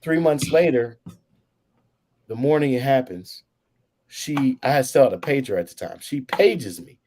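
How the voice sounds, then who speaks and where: A man on a podcast telling a long personal story in a casual, animated way, acting out what others said. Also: mid-range voice, a little slow, a little hiss or hum. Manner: animated storyteller, acts out quoted voices. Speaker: podcast co-host. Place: podcast studio.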